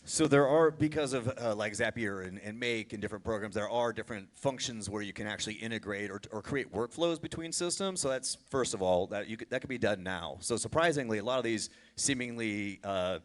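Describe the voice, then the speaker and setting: Fast-talking brokerage owner on a panel. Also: male voice, lowish voice. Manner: fast, emphatic explaining. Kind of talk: panel discussion.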